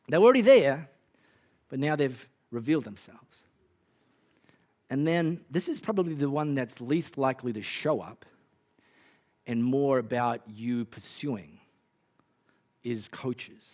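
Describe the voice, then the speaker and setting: An Australian man preaching a sermon as a pastor, conversational and animated, with playful asides. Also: medium pitch, slow, pauses often.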